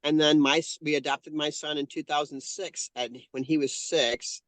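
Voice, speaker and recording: A man's voice: a little high, fairly even intonation, normal speed, a bit bright, no echo. A man in his fifties, a guest telling a heartfelt personal story in an interview, earnest and often correcting himself mid-sentence. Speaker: guest, painter and channeler.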